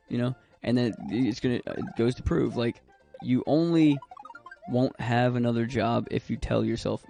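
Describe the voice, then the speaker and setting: Gravelly-voiced man rambling on a game stream. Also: medium pitch, normal speed, darkish tone, soft background music. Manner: rambling, swears freely. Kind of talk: casual gaming stream chat.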